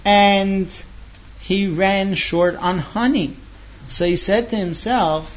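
High-voiced male storyteller, dramatic. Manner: lively, dramatic pauses. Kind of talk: oral storytelling. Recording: dull lo-fi recording.

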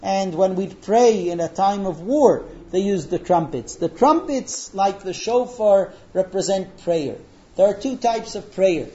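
A man teaching a religious lesson, telling stories in an animated way with fillers. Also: high-pitched, measured pace, highs cut off. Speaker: Torah teacher.

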